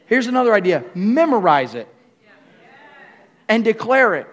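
A man pastor preaching a sermon to a congregation, repeating key phrases and building up to shouts. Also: high-pitched, big pitch swings, moderate pace. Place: church room with congregation.

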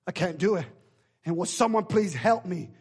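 High-voiced preacher swinging from shouts to hushes. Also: male voice, lively intonation, normal speed, slightly rough. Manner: shifts between shouting and hushed near-whispers; preacher's call-and-response cadence. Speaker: pastor. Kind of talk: sermon.

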